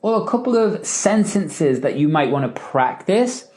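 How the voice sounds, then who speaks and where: A man with a fairly high voice and measured pace hosts a live Q&A as a podcast host and coach, teaching persuasive phrasing. He's animated, acting out example lines with rising and falling emphasis, chuckling between points and often checking in with "right?" and "okay?".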